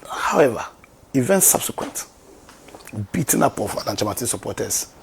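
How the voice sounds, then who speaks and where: Ghanaian man, political commentator, gravelly voice, rhetorical and emphatic, faint background noise. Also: mid-range voice, very animated, a little fast. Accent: Ghanaian English. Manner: rhetorical questions, growing emphatic and forceful.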